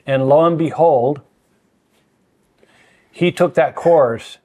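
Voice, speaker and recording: Earnest older man with a higher voice. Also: dark tone. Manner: earnest, measured, emphatic. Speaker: podcast guest, mentor. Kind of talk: reflective conversation.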